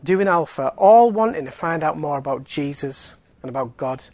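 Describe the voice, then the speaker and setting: A man's voice: fairly high pitch, lively intonation, normal speed, darkish tone, dry recording. A man giving an evangelistic talk in a chatty style, full of fillers and joking asides. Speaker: Alpha course speaker.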